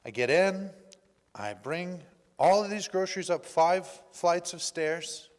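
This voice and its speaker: A male pastor giving a personal testimony in a church, telling his story in an animated way and acting out the dialogue. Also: high voice, slow. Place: church sanctuary. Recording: reverberant church hall.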